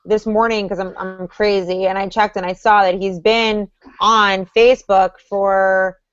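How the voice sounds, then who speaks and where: A woman's voice: medium pitch, little pitch movement, a little slow, clean tone, muffled recording. A woman hosting a casual online chat, steering the talk and often restarting her sentences. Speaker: livestream co-host. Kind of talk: casual group chat about a reality show.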